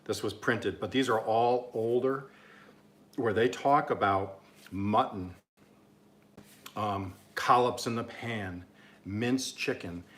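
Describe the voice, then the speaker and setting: A man's voice: on the low side, takes it slowly, pauses often, fairly bright tone. A man from Oklahoma chatting his way through a casual cooking vlog, rambling and amused at himself. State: talking with mouth full at times. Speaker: cooking vlogger.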